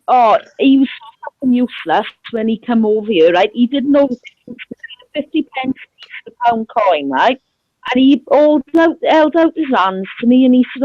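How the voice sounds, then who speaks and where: A woman's voice: high-pitched, dry recording, lo-fi sound. A woman telling a chatty anecdote in a casual voice chat. She swears freely and keeps tagging her sentences with "right?".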